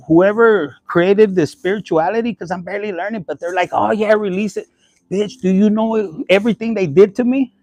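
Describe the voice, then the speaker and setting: Foul-mouthed, high-voiced man reading tarot. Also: a little mellow, no echo. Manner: profane, blunt and chatty, mixing in Spanish phrases. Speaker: tarot reader. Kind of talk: casual tarot reading vlog.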